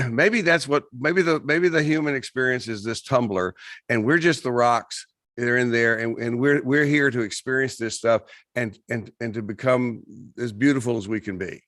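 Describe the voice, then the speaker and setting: Halting man in a dry-sounding room. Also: medium pitch, fairly bright tone, dry recording. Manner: halting, many restarts and repeated words. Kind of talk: casual conversation.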